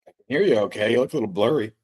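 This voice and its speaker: A man co-hosting a casual sports betting show over a video call, voice worn from losing it, teasing in a dry, deadpan way. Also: mid-range voice, very fast, breathy edge. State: lost his voice. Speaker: podcast co-host.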